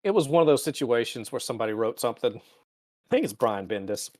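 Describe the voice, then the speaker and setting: A man's voice: medium pitch, sing-song, fast talker, darkish tone. A man co-hosting a podcast, chatting casually and profanely, often slipping into mocking voices. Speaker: podcast co-host. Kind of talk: casual chat.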